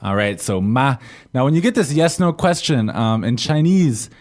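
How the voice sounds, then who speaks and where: Guy co-hosting a chinese lesson, keeps asking "right?", soft music behind. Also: medium pitch, very animated, moderate pace. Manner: prompts with questions, often ends with "right?". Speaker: co-host, learner's voice. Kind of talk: scripted language-lesson podcast. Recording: faint music bed.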